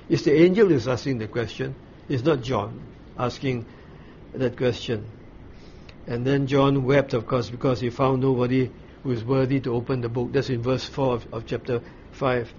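A man giving a Bible study, explaining scripture in a measured way with frequent pauses and restarts. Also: medium pitch, steady tone, a little mellow. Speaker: Bible teacher. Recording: slightly dull recording with faint ambient noise.

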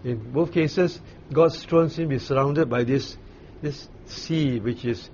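Unhurried man teaching Bible study, lo-fi. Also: mid-range voice, darkish tone. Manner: unhurried explaining with frequent fillers and restarts. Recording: dull lo-fi recording with faint noise.

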